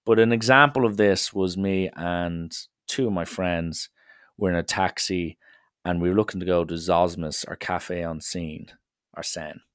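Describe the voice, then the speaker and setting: A man's voice: sits low, steady tone, unhurried, a bit bright, smooth, dry recording, studio quality. An Irish man hosting a solo podcast, ranting in a sardonic, exasperated way. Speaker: podcast host.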